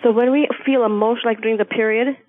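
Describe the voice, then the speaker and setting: Woman, talk show guest, calm, measured, phone-line sound. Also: fairly high pitch, no echo. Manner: calm, measured, acts out voices playfully. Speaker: guest speaker. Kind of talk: spiritual talk show chat.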